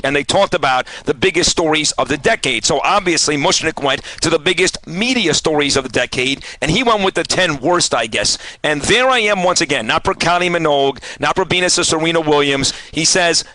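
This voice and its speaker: A man's voice: fairly high pitch, bright, forceful tone, slight background noise, rough recording. A man, in his forties, hosting casual radio talk and ranting with lots of swearing. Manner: fired-up, ranting, swears a lot. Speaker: radio host.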